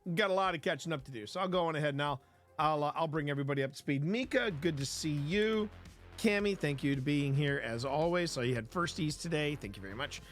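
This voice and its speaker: A man's voice: fairly high pitch, quick pace, fairly bright tone, soft background music. A man hosting a casual live stream, rambling and repeating himself as he greets viewers in chat by name. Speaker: livestream host.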